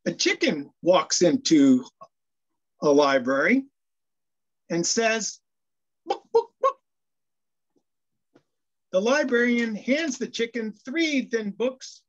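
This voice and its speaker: Male minister preaching slowly, tells jokes with lots of restarts, dull lo-fi recording. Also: sits high, lively intonation. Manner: storytelling jokes, hesitant with restarts. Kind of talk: sermon. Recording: dull lo-fi sound.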